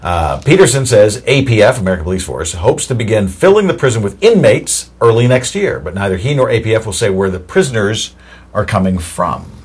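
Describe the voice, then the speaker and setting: A man's voice: fairly low pitch, big pitch swings, a little fast, a little mellow, husky. A man hosting a casual political commentary show, reading news articles aloud with wry asides and fillers.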